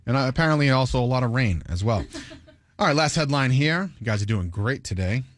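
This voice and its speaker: A man's voice: mid-range voice, brisk, dry recording. Guy hosting morning radio, chatty, laughs a lot, super dry studio sound. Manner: chatty, laughs often, lively delivery. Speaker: radio morning show host. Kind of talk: casual morning radio chat.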